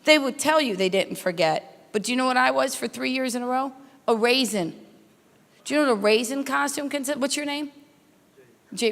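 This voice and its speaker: A woman's voice: on the high side, vocal fry, a bit bright. A woman doing brash stand-up comedy with crowd work, hosting a corporate welcome night at a hotel conference. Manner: brash, teasing, rapid storytelling. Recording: echoey hall.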